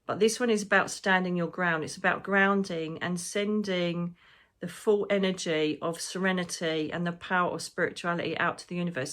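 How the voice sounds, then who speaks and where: This psychic medium, a woman whose voice is a touch low yet fairly bright in tone, delivers a rambling spiritual monologue. Emotion creeps in as she goes, along with the occasional casual swear word.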